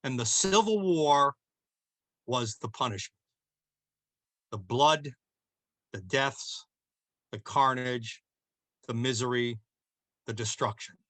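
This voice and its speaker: A man hosting a political talk show, delivering scripted commentary in a declamatory, emphatic way with dramatic slow pauses. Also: mid-range voice, fairly bright tone, no echo, rough recording.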